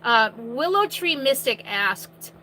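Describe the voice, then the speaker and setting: Bright, high-voiced woman hosting a live chat. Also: expressive, slow pace, slight background noise, low-quality recording. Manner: projects her voice loudly, chatty, with restarts. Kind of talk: casual live-stream chat. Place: inside her RV.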